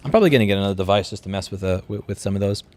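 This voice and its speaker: A man's voice: fairly low pitch, very fast, a little mellow. A man in his thirties with a New York accent, hosting a casual livestream. He reads out viewer comments and answers them bluntly, sometimes with profanity, rambling and restarting his sentences. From Queens, New York City. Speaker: livestream host.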